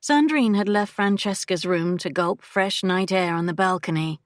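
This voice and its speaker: A woman narrating a romance audiobook in an unhurried, measured way. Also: mid-range voice, no room sound, clean studio sound. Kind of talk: scripted narration.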